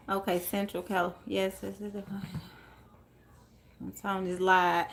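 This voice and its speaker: A woman's voice: mid-range voice, steady tone, unhurried, fairly bright tone, slight background noise. A woman tarot reader chatting casually with viewers during a live stream, calling them y'all and laughing often while she moves around fetching things.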